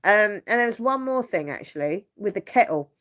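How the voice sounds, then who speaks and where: A woman's voice: mid-range voice, lively intonation, moderate pace, a bit bright. A young woman host chatting casually on a live stream from her bedroom at home, rambling and laughing often. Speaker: channel host.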